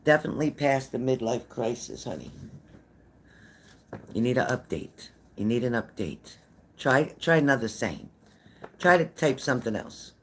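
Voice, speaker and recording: A woman's voice: very deep voice, big pitch swings, normal speed, long pauses, a little hiss or hum. Chatty older woman hosting a live stream. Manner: chatty, greets viewers by name, repeats phrases. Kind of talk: casual live-stream chat with viewers.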